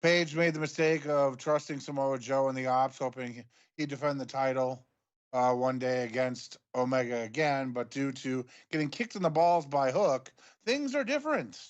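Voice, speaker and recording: A man co-hosting a wrestling podcast, recapping events quickly in a run-on, casual way. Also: medium pitch, highs cut off. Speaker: wrestling show co-host. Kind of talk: recapping a show in casual chat.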